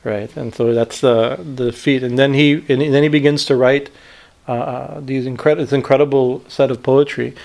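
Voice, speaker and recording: A man teaching scripture in a spiritual discourse, retelling a story with many pauses and fillers and checking in with "right?". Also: mid-range voice, steady tone, vocal fry, a little mellow. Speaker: swami teacher.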